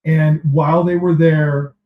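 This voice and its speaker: Flat-toned man explaining news, roomy sound. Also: on the high side. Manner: measured, explanatory, frequent fillers. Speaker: podcast contributor. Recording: roomy, dull-sounding mic.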